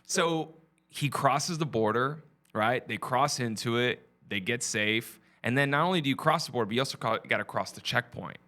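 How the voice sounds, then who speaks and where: A man, a comedian guest from Texas, telling a family story in casual, animated chat. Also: medium pitch, normal speed. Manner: animated, acts out quoted voices.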